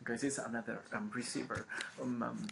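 A man with explains programming in a gravelly, monotone voice. He stumbles, repeats phrases and fills pauses with ums. The recording has steady background noise. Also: medium pitch. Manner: halting, many ums, repeats phrases with frequent okays. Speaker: programming instructor. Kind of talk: screen-recorded coding lecture. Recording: noisy home recording.

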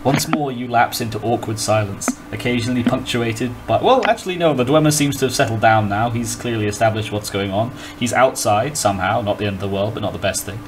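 A man's voice: fairly low pitch, fast talker, few pauses, noisy background. A man running a tabletop game as game master, wry and exasperated, laughing often.

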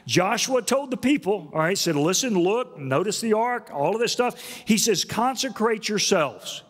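A pastor delivering a sermon in a church, earnest, with slow, low passages and lifts to high, stressed words. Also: male voice, lively intonation, big-room sound. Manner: earnest preaching, rises high and loud for emphasis, drops low and slow. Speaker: senior pastor. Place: church auditorium.

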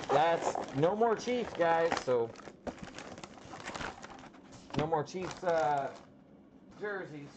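A man hosting a casual card break, calling out players with slow, drawn-out reactions as he opens packs. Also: medium pitch. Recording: slightly dull audio with faint background noise.

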